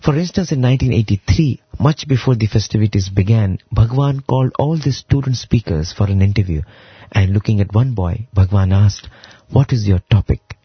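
Husky man with reverent storytelling. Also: on the low side, no room sound, muffled recording. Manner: reverent storytelling, slow emphatic phrasing. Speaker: devotional speaker. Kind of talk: devotional talk explaining a hymn.

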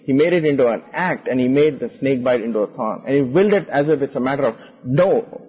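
Husky man recalling memories, halting. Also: mid-range voice, animated, in a large hall, highs cut off. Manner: reflective, halting, re-enacts quoted speech. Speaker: guest. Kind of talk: personal recollection.

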